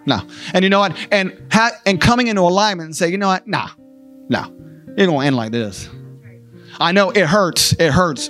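Man, high voice, fervent testimony, repeats phrases, faint guitar music behind. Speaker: speaker sharing a personal testimony. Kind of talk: emotional spoken testimony.

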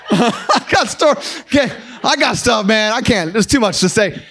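A man's voice: very high-pitched, expressive, measured pace, fairly bright tone. A man preaching a sermon, emphatic and repeating short, punchy phrases.

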